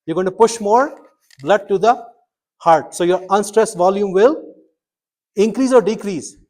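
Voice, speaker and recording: Animated man lecturing a medical class. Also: high-pitched, unhurried. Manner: quizzing students, animated and emphatic. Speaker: medical school instructor.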